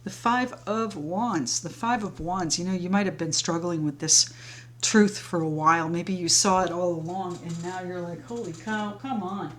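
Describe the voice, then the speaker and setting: A woman's voice: fairly low pitch, normal speed, a bit bright, a little hiss or hum. A woman doing a tarot reading, talking in a flowing, reassuring way straight to her viewers as friends. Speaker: tarot reader. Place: home, sage burning nearby.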